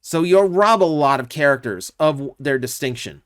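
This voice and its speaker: A man's voice: a little high, lively intonation, moderate pace, a bit bright, clear, resonant tone, no echo. A man hosting his own channel, giving casual, opinionated commentary with lots of asides and fillers. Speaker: YouTube channel host.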